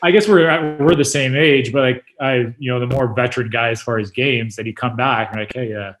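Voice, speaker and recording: A man's voice: mid-range voice, brisk. A man in his thirties, a hockey player as podcast guest, telling locker-room stories in a loose, laughing way, full of "like" and swearing. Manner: relaxed, laughing, swears casually, lots of "like". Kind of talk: casual storytelling chat.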